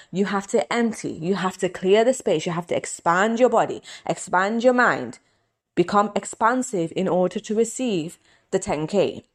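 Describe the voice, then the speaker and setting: A young adult woman hypnotist and coach giving an earnest, repetitive motivational talk that turns softly emotional when she prays aloud. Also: mid-range voice.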